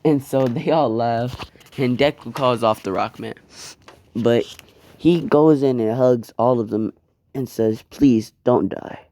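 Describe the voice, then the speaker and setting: Casual male narrator, swears, chatty, mellow tone. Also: medium pitch, unhurried. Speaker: storyteller. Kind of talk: casual fan-story narration.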